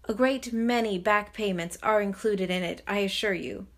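A woman voicing an elderly man, a former miser turned joyful and generous, talking with eager, effusive warmth in an audiobook. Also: mid-range voice, moderate pace, natural voice. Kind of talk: audiobook character reading.

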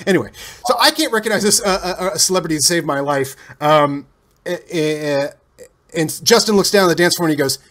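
Male interview guest, from Cincinnati, chatty and digressive, slightly higher pitch. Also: brisk. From Cincinnati, USA. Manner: rambling, animated anecdotes with self-corrections. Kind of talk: casual interview storytelling.

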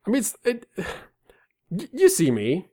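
This comedy podcast co-host is a man in his thirties whose voice sits high. Taking his time, he jokes at his own expense, telling lively stories and putting on goofy voices along the way.

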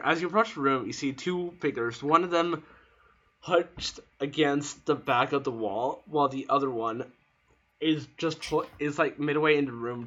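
A man narrating and refereeing a tabletop game, laughing and explaining rules, dropping to a soft voice for scene narration. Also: mid-range voice. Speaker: game master. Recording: dull lo-fi sound with clear background noise.

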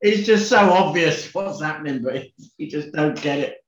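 A man's voice: on the high side, moderate pace. Man in casual chat, echoey dull mic. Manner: brief agreeing interjections. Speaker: podcast co-host.

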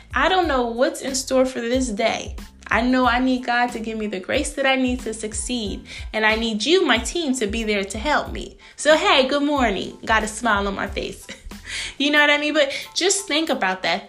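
A woman in her thirties hosting a faith-based business podcast, speaking in a lively, preachy way and calling her listeners sis. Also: on the high side. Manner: animated, frequent laughs, acts out greetings. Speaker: podcast host.

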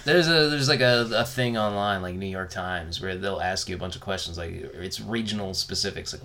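A man's voice: deep voice, a little fast, few pauses, bright, forceful tone, slight background noise. A man co-hosting a podcast, chatting casually with wry, joking asides. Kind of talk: casual chat.

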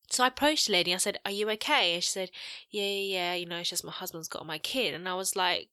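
A young woman co-hosting a podcast, blunt and expressive, swearing freely in casual chat. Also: medium pitch, fast talker, no echo, studio quality. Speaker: podcast co-host.

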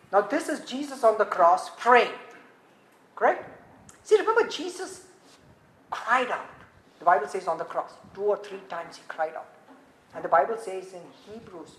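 A woman preaching a sermon, swinging dramatically from hushed tones to shouting. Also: on the low side. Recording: echoey room, faint ambient noise.

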